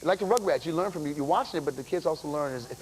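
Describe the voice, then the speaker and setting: A man guest-hosting a talk show, chatting in an excitable, teasing way and repeating his points for emphasis. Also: fairly high pitch, very fast, poor audio. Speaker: guest host. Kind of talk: casual talk show chat. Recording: loud crowd and background noise.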